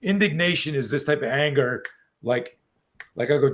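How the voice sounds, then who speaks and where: A man in his sixties, a self-defense coach telling stories as an interview guest, animated and profane, on a video call. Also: mid-range voice, normal speed, a little hiss or hum. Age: 60s. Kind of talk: casual interview storytelling.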